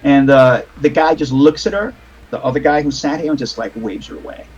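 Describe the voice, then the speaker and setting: Husky guy running a tabletop game on a call, lots of um and you know, muffled audio. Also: a little high, fairly quick. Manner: rambling, many fillers and restarts. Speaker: game master.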